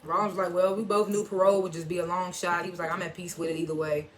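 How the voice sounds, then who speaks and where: A TV reviewer speaking AAVE talks fast in a mid-range, level-toned voice, with slight background noise. Casually recapping an episode, they retell scenes line by line, quoting characters with "he was like," reacting as they go and chuckling at the twists.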